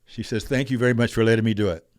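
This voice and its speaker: An older man telling stories as a podcast guest, animated, acting out quoted voices. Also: medium pitch, very fast, no room sound, clean studio sound. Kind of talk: storytelling in a conversational interview.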